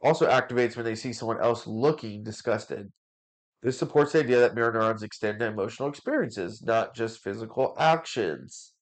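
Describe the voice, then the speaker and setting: A man's voice: medium pitch, a little fast. Casual male parenting podcast host. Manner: casual, stumbles over names, with fillers.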